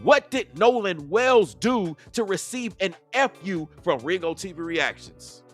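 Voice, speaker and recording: A man's voice: high-pitched, expressive, a little slow, husky, soft background music. A man giving heated reaction commentary, confrontational and full of rhetorical questions. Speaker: YouTube commentator.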